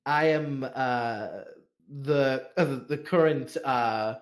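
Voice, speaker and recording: A man voicing a flustered, fawning woman who runs a brothel, greeting guests with a coy, theatrical, drawn-out welcome. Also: mid-range voice, close to an everyday voice.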